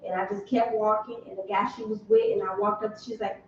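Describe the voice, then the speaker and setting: A woman's voice: mid-range voice, level tone, a little fast, a little hiss or hum. A woman from Detroit telling a long story in casual group chat, rambling with restarts. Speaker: podcast panelist. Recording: echoey, distant, muffled room recording.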